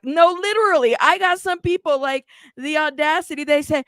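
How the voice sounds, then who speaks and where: Sassy woman host ranting to her chat, kinda high voice, dry close sound. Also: moderate pace, no room sound. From United States. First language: bilingual in Spanish. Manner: animated, sassy, frequent laughs. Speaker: true crime channel host. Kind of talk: casual livestream commentary.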